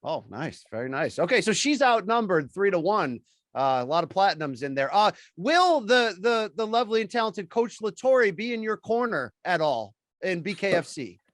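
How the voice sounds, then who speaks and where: Upbeat male host, lively high voice, dry close sound. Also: normal speed, no room sound. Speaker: interview host. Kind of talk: casual interview questions.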